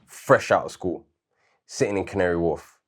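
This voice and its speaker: A man with a fairly low voice co-hosts a casual debate. He presses his argument earnestly, with pointed questions and stories from his own working life. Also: normal speed. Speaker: co-host.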